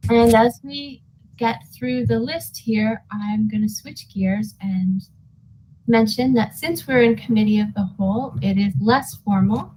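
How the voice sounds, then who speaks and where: A woman chairing an online board meeting over a video call, friendly and pausing often with fillers. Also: on the high side, a little mellow, poor audio. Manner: friendly, with frequent filler pauses.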